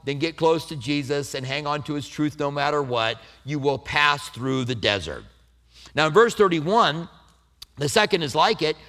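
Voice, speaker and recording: Lively, animated male pastor preaching. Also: on the high side. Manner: conversational and animated, self-deprecating humor. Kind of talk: sermon.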